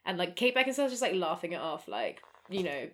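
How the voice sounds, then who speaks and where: A woman chatting casually about a film, joking and breaking into laughs and shouts. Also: fairly low pitch, quick pace. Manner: lively, laughs and shouts when amused. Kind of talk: casual chat reviewing a film.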